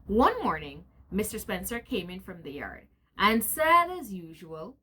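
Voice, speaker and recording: A woman reads a storybook aloud slowly and unhurriedly. Her voice rises and falls in lively swings. She is animated and stops at times to talk with her viewers. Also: mid-range voice, husky. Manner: animated, breaks off to chat with viewers. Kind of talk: storybook reading.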